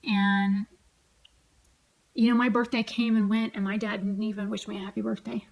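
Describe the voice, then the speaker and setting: A woman's voice: mid-range voice, flat delivery, moderate pace, creaky, a little mellow, poor audio. Angry, profane woman in her forties. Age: 40s. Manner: angry, profane, heated retelling. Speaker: vlogger. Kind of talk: casual vlog rant. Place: home, at night, seated on a stool.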